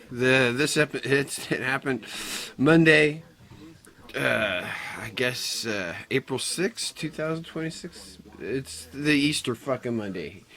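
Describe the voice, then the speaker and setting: Man, middle-aged, vlogger, agitated profane retelling, average pitch. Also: sharp tone. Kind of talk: ranting personal vlog.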